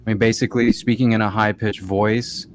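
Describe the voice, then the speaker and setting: Give me a casual young man co-hosting a podcast, fairly low voice, lots of fillers. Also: level tone, fairly quick, a little hiss or hum. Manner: casual, filler-heavy, explains ideas. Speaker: podcast co-host. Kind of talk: casual chat.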